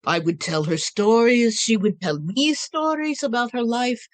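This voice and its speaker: A woman's voice: a little high, lively intonation, unhurried, no room sound, poor audio. A woman storyteller playing an ancient, wry witch in a drawling, teasing first-person telling. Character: ancient wry female witch Baba Yaga.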